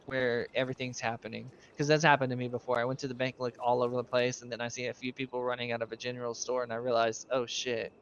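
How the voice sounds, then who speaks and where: A man's voice: mid-range voice, little pitch movement, fast, few pauses, fairly bright tone, lo-fi sound. A man in a casual roleplay chat, training a new recruit as sheriff, rambling through stories, laughing often and swearing casually. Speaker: streamer playing a sheriff.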